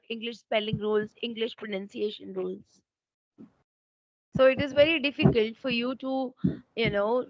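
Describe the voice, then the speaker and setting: Indian-accented woman teacher, higher voice, explains patiently, dull dry call audio. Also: no room sound. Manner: explanatory, checks for understanding. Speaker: English teacher. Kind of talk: online teaching exchange.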